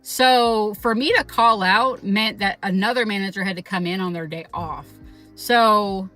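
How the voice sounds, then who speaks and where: A woman telling a personal story in a casual, animated way, swearing often and acting out what people said. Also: mid-range voice, unhurried, faint music behind. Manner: animated, profane, quotes people in raised voice. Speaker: vlogger.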